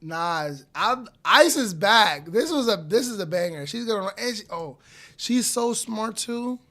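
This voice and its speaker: A man's voice: high voice, lively intonation, moderate pace. A young man streaming live, reacting to music in a hyped, slangy way. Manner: hyped, slangy, loud outbursts and laughter.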